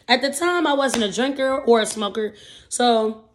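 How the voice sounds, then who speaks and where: A vlogger in her twenties tells a rambling story at a moderate pace in a casual vlog, eating between sentences amid slight background noise. She's chatty and full of fillers like "okay, boom."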